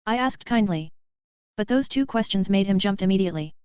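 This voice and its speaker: A woman narrating a first-person fantasy audiobook in an even, calm storytelling voice. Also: mid-range voice, fairly quick, smooth, no echo. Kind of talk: scripted narration. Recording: dull, muffled audio.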